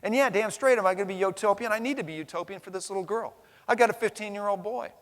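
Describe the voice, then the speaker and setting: A middle-aged American plenary speaker talks fast in a high-pitched, fairly bright voice, passionately driving home his keynote. He's blunt and emphatic, swears casually, and keeps asking "right?". Long reverb from the large conference hall fills the recording.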